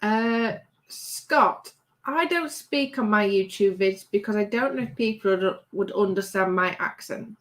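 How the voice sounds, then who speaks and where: A woman's voice: mid-range voice, unhurried, fairly bright tone, rough recording. Chatty Yorkshire woman co-hosting a livestream. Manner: chatty, reads out viewer comments. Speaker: livestream co-host. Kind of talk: casual livestream chat.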